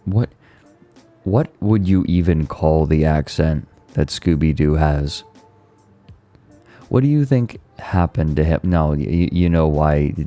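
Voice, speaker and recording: A man's voice: rumbling low, expressive, slow pace, dark tone, soft background music. A male streamer chatting casually and sounding tired, rambling and stumbling over his words. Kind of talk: casual chat.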